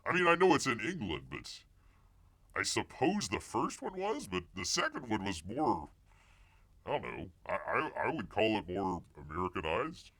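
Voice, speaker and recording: A man with a lowish voice hosts a casual live stream, reading the news and riffing on it. His pitch swings widely as he rambles and jokes. He talks into a desk microphone. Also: sing-song, moderate pace, sharp tone. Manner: rambling, jokey, wonders aloud and mocks the news. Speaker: live show host.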